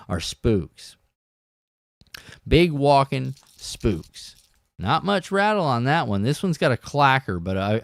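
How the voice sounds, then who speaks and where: A man talking casually as he hosts a live fishing stream from his desk. His pitch moves a lot as he explains, and he often stops and restarts a thought. Faint music plays behind him. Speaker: fishing show host. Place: home desk.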